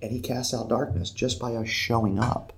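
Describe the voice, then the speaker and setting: A man telling a faith story in a lively conversational way, acting out the voices of the people in it. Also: medium pitch, moderate pace, creaky, breathy edge. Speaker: podcast guest telling a story. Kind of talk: animated storytelling.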